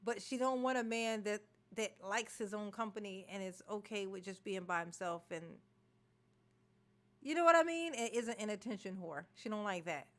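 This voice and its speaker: With a mid-range voice and a fairly bright tone, the woman from Maryland, USA, talks at a moderate pace. Her reaction video is a casual, animated rant full of laughter and swearing.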